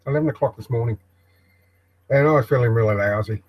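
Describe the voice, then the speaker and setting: An older man with an Australian accent talks off the cuff on his own live broadcast, recorded in a backyard shed office. His voice sits at an ordinary middle pitch. He speaks in a halting, meandering way, full of ums, pauses and false starts. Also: low-quality recording. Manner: hesitant, halting, many ums and restarts. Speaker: live stream host. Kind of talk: rambling live broadcast monologue.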